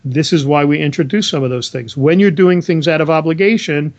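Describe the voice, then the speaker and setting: A man's voice: a little high, fairly quick, a little mellow, highs cut off. Earnest man explaining scripture. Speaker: Bible study co-host. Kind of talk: conversational Bible discussion.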